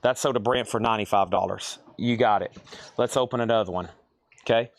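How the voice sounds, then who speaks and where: A man's voice: fairly low pitch, fairly quick, no echo. Man calling prices in a live sale. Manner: calls out prices and buyer names, thinks aloud. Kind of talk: live auction selling.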